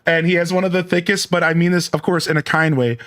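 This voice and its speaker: A man's voice: on the high side, fairly even intonation, fast, a bit bright, no room sound, clean studio sound. A man hosting a live game stream, chatting casually and thanking viewers as he goes.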